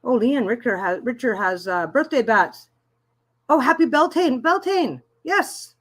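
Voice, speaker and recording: A woman's voice: fairly high pitch, expressive, measured pace, fairly bright tone. A middle-aged woman hosting a live stream as a tarot reader, chatting casually and rambling, often restarting her sentences and reading viewer comments aloud. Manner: reads viewer comments aloud and answers them.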